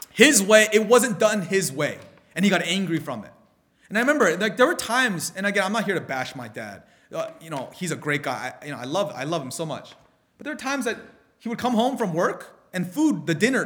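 Animated, slightly high-voiced male preacher. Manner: animated storytelling with frequent restarts. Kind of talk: sermon.

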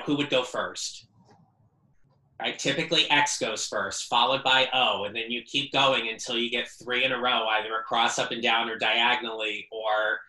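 A man's voice: mid-range voice, sharp tone, echoey room, rough recording. A man speaking as an interview guest, earnest and reflective, often repeating words as he thinks. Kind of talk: casual interview.

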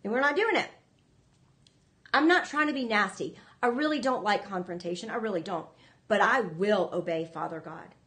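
A woman's voice: mid-range voice, animated, moderate pace, fairly bright tone. A woman hosting a ministry show, preaching to viewers in an earnest, emphatic way, often repeating herself. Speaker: ministry host.

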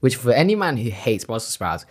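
A woman's voice: a bass voice, big pitch swings, a little fast, slightly rough. Blunt, laughing woman co-host. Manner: laughing, blunt, swears freely. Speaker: podcast co-host. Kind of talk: casual chat.

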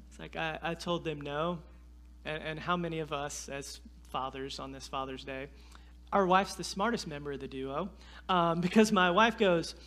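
A man from North Carolina preaches, his voice high and bright. He tells a story with animated, self-deprecating humor. His voice is sharp and forward as he builds to his point. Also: moderate pace. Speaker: guest preacher. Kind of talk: storytelling sermon.

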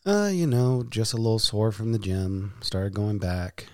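A man's voice: on the low side, very animated, a little slow, dry recording, clean studio sound. A man hosting a casual podcast, playful, with hammy announcer-style flourishes. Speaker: podcast host.

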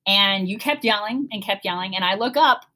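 A woman's voice: mid-range voice, fairly quick. A middle-aged woman from Cleveland, chatting casually with her daughter and telling family stories with laughter and acted-out panic. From Cleveland, Ohio. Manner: animated, laughing, acts out her own panicked voice. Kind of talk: casual storytelling chat.

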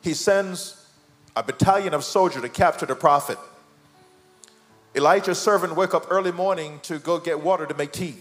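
A man with a Jamaican accent, a guest pastor preaching with fervor that climbs from low and measured to loud and soaring. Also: faint music behind. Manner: fervent, builds from low and slow to loud and high.

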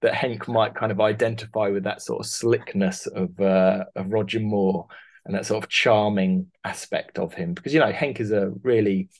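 Male interview guest, low-pitched, rambling and chatty. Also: steady tone, normal speed. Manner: rambling, many restarts, laughs through stories. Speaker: costume designer, guest. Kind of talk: casual interview chat.

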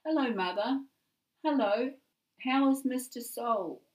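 A woman's voice: fairly high pitch, lively intonation, slow pace, darkish tone, pitched above the performer's own voice. A woman voicing an eager young girl who talks in a chirpy sing-song.

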